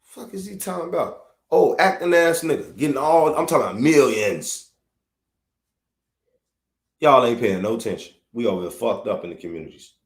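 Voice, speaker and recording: Ranting on his podcast in an echoey room, this middle-aged host from Chicago sounds heated, blunt and profane, and he keeps repeating himself. His Chicago-accented voice sits at medium pitch, animated and moderately paced, with long pauses.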